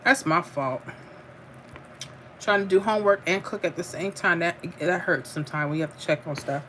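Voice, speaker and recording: A woman's voice: fairly low pitch, normal speed, sharp tone, a little hiss or hum. A middle-aged woman, chatting casually while she eats on a home livestream and reads out viewer comments, laughing and calling people "honey". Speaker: livestream host.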